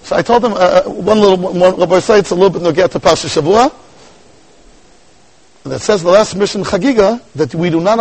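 A man's voice: high voice, poor audio. A man teaching a Talmud class, speaking in a sing-song study rhythm and mixing Yiddish and Hebrew terms into his English. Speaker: Torah teacher. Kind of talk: Talmudic lecture.

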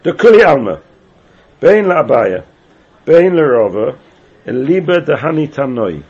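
A man leads a Talmud class with a gravelly, husky voice set a little high, chanting phrases in a sing-song lilt and firing the same question again and again at his students. His pitch swings widely as he talks. The recording sounds dull and lo-fi. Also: very animated, moderate pace, darkish tone. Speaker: Talmud teacher.

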